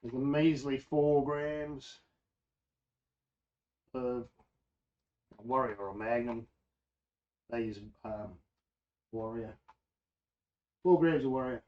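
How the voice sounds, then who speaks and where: Australian man, livestream brewing host, mid-pitched, rambling casual chat, muttering to himself, slightly muffled lo-fi audio. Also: slow, pauses often, a little mellow. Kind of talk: casual live-stream chat while brewing. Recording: slightly dull lo-fi sound.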